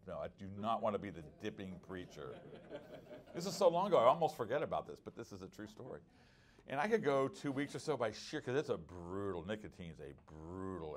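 Middle-aged male preacher, low-ish voice, earnest conversational teaching with personal anecdotes. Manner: earnest, conversational, with many restarts and personal stories. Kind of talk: conference workshop teaching.

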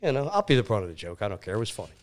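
Animated man telling a wild story. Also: lowish voice, racing. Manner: laughing, animated anecdote teller, swears often. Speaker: podcast guest. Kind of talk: casual storytelling.

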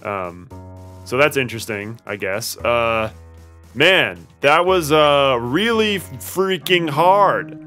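A man's voice: medium pitch, bright, forceful tone. A man commentating on his video game playthrough, rambling and exasperated, pleading with the game characters. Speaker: let's play host.

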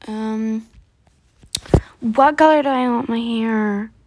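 A woman's voice: on the high side, slow, background noise. A woman voicing a snobby rich woman in a game role-play skit, talking in a haughty, dismissive, bossy way.

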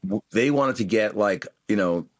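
Low-voiced man telling road stories. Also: moderate pace. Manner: animated anecdotes, acts out quoted voices. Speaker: guest guitarist. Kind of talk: casual interview storytelling.

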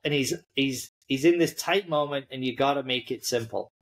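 A man's voice: medium pitch, normal speed. A man hosting a podcast, telling a story in casual chat, often stopping to restart his sentences. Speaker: podcast host.

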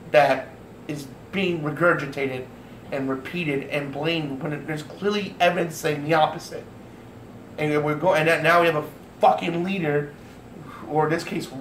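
A man's voice: on the high side, a bit bright. A man ranting angrily to his viewers, swearing often and stumbling over restarts. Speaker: vlogger. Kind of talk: angry rant to camera. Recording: echoey room with faint noise.

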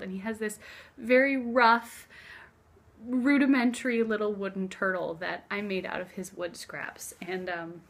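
A woman's voice: medium pitch, steady tone, measured pace. Brief: young woman, craft vlogger, casual heartfelt chat, phone camera in a living room. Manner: chatty and heartfelt, drifting soft and hushed at times. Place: living room, seated on floor. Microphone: phone camera on a stack of books.

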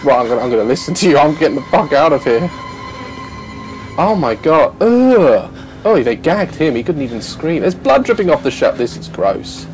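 A man's voice: on the high side, darkish tone. A man commentating a horror game, jumpy, swearing a lot and laughing nervously. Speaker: gamer.

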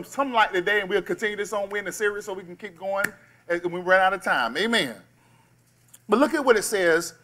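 A male pastor preaching a sermon, calling on the congregation to shout back and drawing out key words. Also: very high voice. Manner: call-and-response preaching, slows and stresses key words.

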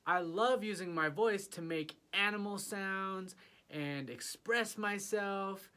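A man's voice: sits high, slow pace, sharp tone. A man teaching an early childhood music lesson, playfully inviting young children to join in with animal sounds and singing.

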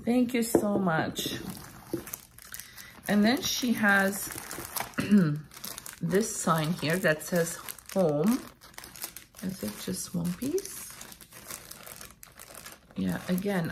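Slow, gushing Canadian woman crafter. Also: fairly low pitch, gravelly, slight background noise. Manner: gushing, slow and chatty, frequent thank-yous. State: unwell, throat clearing. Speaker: crafting vlogger opening happy mail. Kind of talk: casual unboxing chat.

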